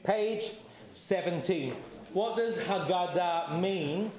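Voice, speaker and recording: Male seder leader, fairly high voice, chatty and encouraging, echoey room. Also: slow pace, noisy background. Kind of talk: leading a group seder. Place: community hall or synagogue.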